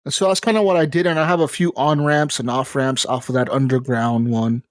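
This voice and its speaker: A man's voice: mid-range voice, normal speed, no room sound. A man co-hosting a gaming podcast, swearing freely and telling stories with lots of energy. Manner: profane, animated storytelling. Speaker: podcast co-host. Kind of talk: casual gaming podcast chat.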